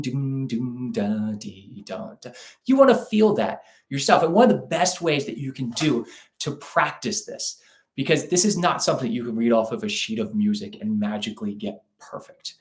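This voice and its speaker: A man teaching a live online ukulele lesson in a relaxed, chatty way, scatting rhythms aloud as he demonstrates. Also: medium pitch, reverberant. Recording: ukulele playing loudly behind the voice. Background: ukulele playing.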